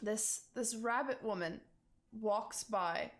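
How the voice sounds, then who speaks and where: A woman's voice: medium pitch, slow. A woman running a tabletop game as game master, narrating casually with loose, rambling phrasing.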